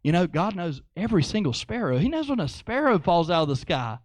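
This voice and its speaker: A man preaching a sermon in an animated way, repeating phrases for emphasis. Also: sits high, a little fast, no room sound.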